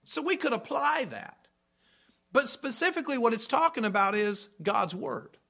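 Bright, high-voiced preaching pastor. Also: male voice, lively intonation, normal speed, vocal fry. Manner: emphatic preaching, repeats points and checks understanding. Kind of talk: sermon.

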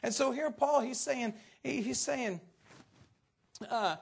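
A man preaching a conversational sermon to his congregation, earnest and halting, often restarting his sentences. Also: very high voice, vocal fry, breathy edge.

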